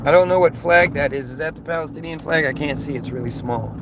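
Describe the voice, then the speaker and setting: Man from the US, higher voice, livestreams from his car over steady road noise, rambling rants with repeated words. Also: fast talker. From United States. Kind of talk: casual livestream talk reading chat aloud. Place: inside a car while driving.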